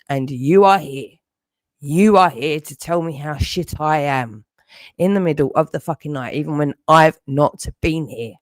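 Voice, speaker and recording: A woman's voice: deep voice, unhurried, dry recording. Angry woman livestreamer, profane repetitive rant, close dry sound.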